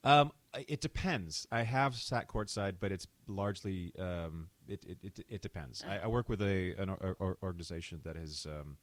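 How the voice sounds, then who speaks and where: Deep-voiced man telling stories in an interview. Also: normal speed, few pauses, no room sound. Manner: animated storyteller, laughs often, mimics voices. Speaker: actor, interview guest. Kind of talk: casual interview chat.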